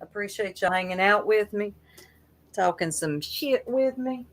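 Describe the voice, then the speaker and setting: A woman's voice: medium pitch, expressive, measured pace, a little hiss or hum. A woman co-hosting a livestream, chatty and teasing as she reads the chat aloud. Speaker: livestream co-host.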